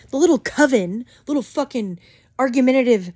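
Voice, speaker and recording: A woman in a heated, swearing rant to camera as a vlogger, swinging between loud outbursts and muttered asides. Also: on the high side, animated, normal speed, no echo.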